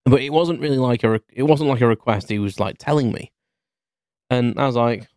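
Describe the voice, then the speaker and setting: A man's voice: medium pitch, fairly quick, a little mellow, no echo, clean studio sound. A British man in his thirties, a podcast host rambling through a casual story with many restarts. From United Kingdom.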